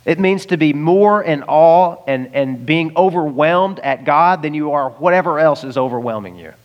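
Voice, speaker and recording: A man's voice: fairly high pitch, expressive, moderate pace, lo-fi sound. A man from the United States preaching a sermon in a conversational way, with chuckles and direct asides to the listeners. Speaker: pastor.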